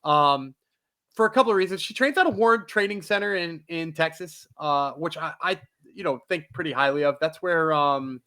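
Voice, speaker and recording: Male podcast co-host, tense bright tone, loose rambling delivery. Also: fairly high pitch, normal speed. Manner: rambling, hesitant, many fillers. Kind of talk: casual podcast chat.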